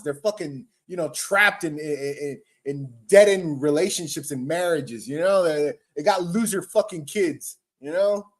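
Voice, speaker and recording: A man hosting a livestream, ranting in a profane, exasperated way with frequent stammers. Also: high voice. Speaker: livestream host. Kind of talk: casual livestream rant.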